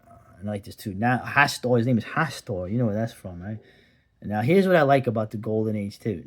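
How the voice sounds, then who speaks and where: A man's voice: on the low side, animated, brisk, a little mellow. A man giving a casual, rambling review of an old comic, with digressions and sardonic asides.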